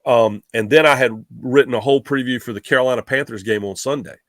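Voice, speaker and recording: Middle-aged male guest, rambling storyteller, mid pitch, dry close sound. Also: fast talker, no echo. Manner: animated, rambling with restarts. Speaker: guest sportswriter. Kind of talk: casual storytelling.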